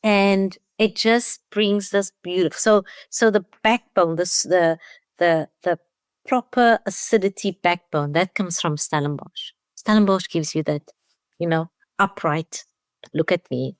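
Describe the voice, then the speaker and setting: Here a South African winemaker talks as an interview guest, using a fairly low, clear and resonant voice at a measured pace. Her storytelling is warm, and she performs the quoted lines as she goes. It's a studio-quality recording with no echo.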